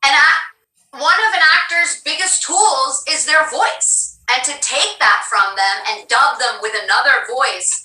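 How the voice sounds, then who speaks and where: A woman's voice: sits high, a little slow, pushed and bright, reverberant, far from the mic, low-quality recording. A woman voice actress in casual chat, talking emphatically with a theatrical flair.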